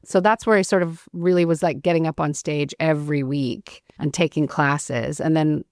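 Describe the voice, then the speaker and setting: Prairie-raised woman in her fifties, podcast guest, dry wit, lowish voice, dry close recording. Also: steady tone, moderate pace, a little mellow, dry recording. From Canadian prairies. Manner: wry, self-deprecating humor. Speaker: director-performer, podcast guest. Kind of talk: casual chat.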